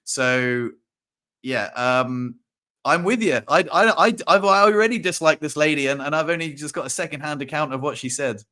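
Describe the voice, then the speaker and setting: A man's voice: on the high side, normal speed, sharp tone. A young man hosting a podcast, chatting casually with playful teasing. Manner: playful, mock-outraged teasing. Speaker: podcast host. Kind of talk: casual chat.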